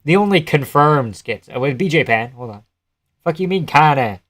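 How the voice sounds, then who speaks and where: A man's voice: a little high, animated, moderate pace, a bit bright. A young man live-streaming casual commentary, laughing often, swearing and answering his chat as he talks.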